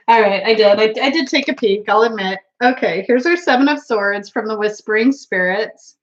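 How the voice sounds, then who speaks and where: A woman's voice: a little high, a little slow, highs cut off. A woman hosting a casual tarot live stream, chatty and giggly, reading out viewer comments, with a runny nose. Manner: giggly, chatty, laughs often. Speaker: tarot livestream host.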